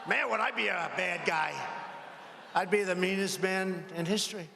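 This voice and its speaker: A man with a high, gravelly voice speaks at normal speed while giving a rambling rally speech as a politician, taunting his rivals and asking the audience for agreement. The large arena echoes, with faint crowd noise in the background.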